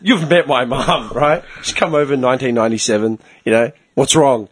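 A man telling a story in a casual chat, animated, swearing a lot and laughing often. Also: mid-range voice, a little fast, slightly rough, dry recording.

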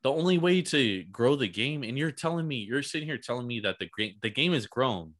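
A man's voice: medium pitch, lively intonation, brisk, a bit bright. A young man in brash, profane casual chat, always calling his friend dude. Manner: brash, swears often, says "dude".

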